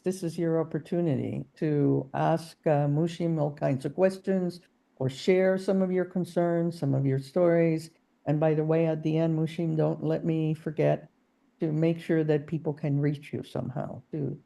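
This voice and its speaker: Gravelly, dark-voiced woman host. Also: low voice. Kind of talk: hosting a live interview.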